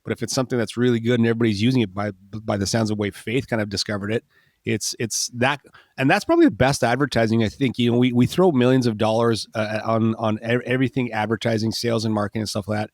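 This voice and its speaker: A middle-aged man hosting a podcast interview. He is enthusiastic and encouraging and tends to ramble. His voice is mid-pitched and recorded dry. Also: fairly even intonation, fast, dry recording. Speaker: podcast host. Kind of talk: casual interview chat.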